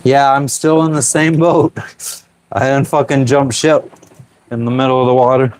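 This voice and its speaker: A man's voice: medium pitch, flat delivery, normal speed, darkish tone. A man from Pennsylvania chatting loosely with live viewers while cooking aboard a small sailing boat, swearing freely and answering questions. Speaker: sailing vlogger reading live chat. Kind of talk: casual live-stream chat.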